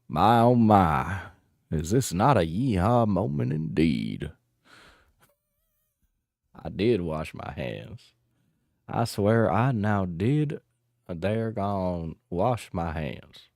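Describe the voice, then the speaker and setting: A man's voice: low-pitched, gravelly, a little mellow, dry recording, clean studio sound, full character voice. A man doing a hammy, folksy Texas cowboy voice, drawing out cowboy phrases as he signs off a stream.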